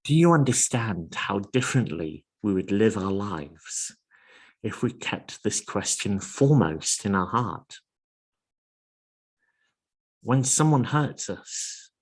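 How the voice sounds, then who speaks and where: With a lowish, husky voice, a man delivers a sermon earnestly and at a measured pace, putting one question after another to his listeners.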